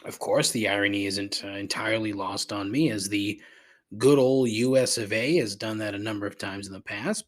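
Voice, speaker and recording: A man's voice: on the low side, moderate pace. A man hosting a solo podcast, grumbling and sarcastic, swearing freely as he rambles. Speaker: podcast host.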